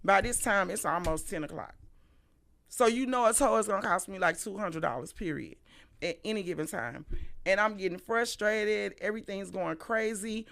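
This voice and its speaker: Middle-aged St. woman hosting a stream, sharp-toned, profane, animated storytelling. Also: mid-range voice, moderate pace, vocal fry. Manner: animated, profane, swings between loud and hushed. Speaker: livestream host. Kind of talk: casual storytelling monologue.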